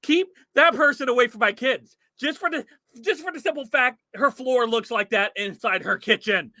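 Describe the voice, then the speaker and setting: A man's voice: very high voice, normal speed, pushed and bright, no echo, clean studio sound. A man hosting a livestream, reacting to a clip in exclaiming, incredulous commentary with frequent laughter. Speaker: livestream host.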